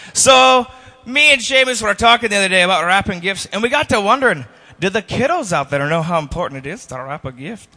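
A man's voice: high-pitched, bright, forceful tone, exaggerated voice. A man voicing a goofy, self-important Scottish rapper who rambles and laughs at his own jokes, with a Scottish accent. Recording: long hall reverb.

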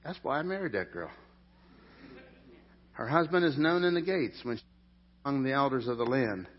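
A middle-aged man preaching a sermon in an animated, jokey way, with sudden loud peaks. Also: medium pitch, normal speed. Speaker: pastor. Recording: dull lo-fi sound.

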